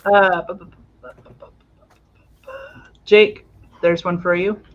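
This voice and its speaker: A man's voice: high-pitched, flat delivery, normal speed, lo-fi sound. A man hosting a livestream, playfully reading out chat messages with frequent giggles. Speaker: show host reading out chat.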